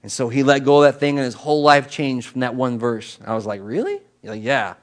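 A fast-talking middle-aged man preaches a sermon in a casual, conversational way as a pastor. He's animated and chatty, his pitch and volume leap suddenly, and he repeats words and throws in asides.

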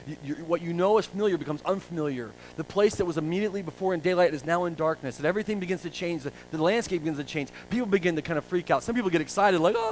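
A male pastor preaching a conversational sermon, dropping to a hush and rising to loud emphasis. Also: mid-range voice, slight background noise, low-quality recording.

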